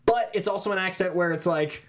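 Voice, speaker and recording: A man's voice: sits high, brisk. A man raised around Boston, co-hosting a casual TV review chat, riffing playfully with puns and asides. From Boston area. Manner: playful, wordplay-loving, riffing. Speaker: co-host.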